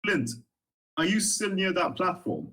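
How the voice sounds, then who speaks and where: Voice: mid-range voice, big pitch swings, measured pace, a bit bright, breathy edge. A game master narrating a tabletop role-play session, rambling with frequent ums.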